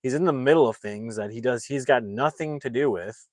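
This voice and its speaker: Here a livestream host who reviews movies speaks briskly at a medium pitch, with no echo in the recording. He casually narrates a film's story, circling back and restarting many times, and livens it up by acting out the characters' lines.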